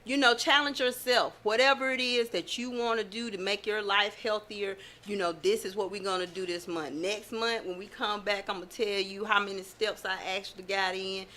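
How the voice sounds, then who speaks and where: A woman's voice: mid-range voice, steady tone, normal speed, few pauses, sharp tone. Chatty woman, laughing often. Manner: chatty, down-to-earth, laughs often, many fillers. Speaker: host. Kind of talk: casual chat to followers.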